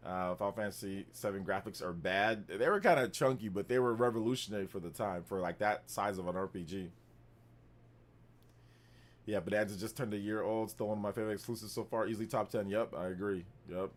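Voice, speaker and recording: A man's voice: fairly low pitch, a little fast. A man hosting a live gaming stream, chatting casually and rambling as he answers viewers, with frequent laughs. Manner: relaxed, rambling, answers chat and laughs often. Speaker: gaming livestream host.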